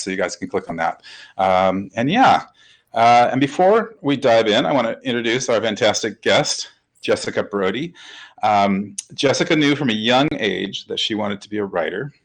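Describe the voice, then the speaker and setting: A man with a fairly low voice hosts a casual webcast interview, and the audio is poor. He's upbeat and chatty, using lots of fillers.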